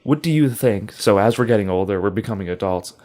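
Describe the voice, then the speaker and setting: A man's voice: lowish voice, expressive, quick pace, warm tone. A man about twenty, co-hosting a podcast, telling a funny story with lots of laughter and swearing. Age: young adult. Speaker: podcast co-host. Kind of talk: casual chat.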